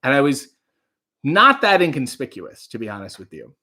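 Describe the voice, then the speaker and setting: Male livestream host, casual storyteller, animated delivery. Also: mid-range voice, moderate pace. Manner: rambling storyteller reading out chat comments.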